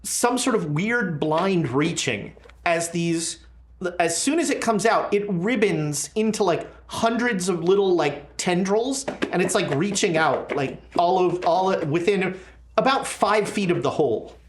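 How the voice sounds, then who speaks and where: A game master narrating a horror tabletop game, halting and full of fillers and restarts. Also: medium pitch, animated, a little hiss or hum. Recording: roomy echo.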